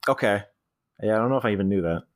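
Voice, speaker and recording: A man's voice: lowish voice, very fast. A man co-hosting a podcast, retelling movie scenes in casual chat and laughing often. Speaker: podcast co-host.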